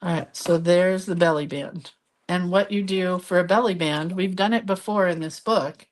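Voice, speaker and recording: A woman's voice: fairly low pitch, moderate pace. A middle-aged woman hosting a live crafting video, chatting casually as she shows her pages and reads viewer comments aloud.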